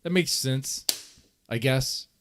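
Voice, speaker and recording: A man's voice: mid-range voice, slow pace, slight background noise. A man hosting a livestream in casual chat, rambling and teasing his guests with a mocking edge. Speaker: livestream host.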